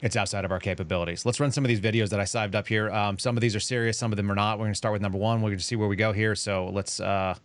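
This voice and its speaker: A man's voice: fairly low pitch, steady tone. A man hosting a podcast, telling stories in a blunt, sarcastic way. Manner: fast, blunt, sarcastic storytelling. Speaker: podcast host. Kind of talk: casual podcast talk.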